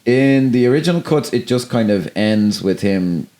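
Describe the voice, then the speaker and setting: A man's voice: mid-range voice, expressive, normal speed, warm tone. A man co-hosting a podcast, chatting casually about a film, swearing freely and acting out scenes in quoted voices. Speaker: podcast co-host.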